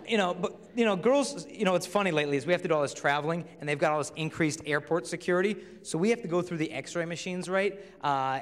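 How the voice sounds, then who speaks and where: Young guy, assembly speaker, animated and jokey, slightly high voice, big echoing hall. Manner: animated storytelling, acts out quoted voices. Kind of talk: humorous motivational talk. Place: large school auditorium. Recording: long hall reverb.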